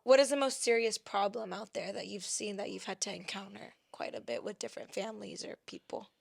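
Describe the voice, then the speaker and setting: A woman's voice: mid-range voice, expressive, brisk, vocal fry, no echo, clean studio sound. A young woman hosting a casual interview, reacting in a chatty way and asking long, rambling questions. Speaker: podcast host.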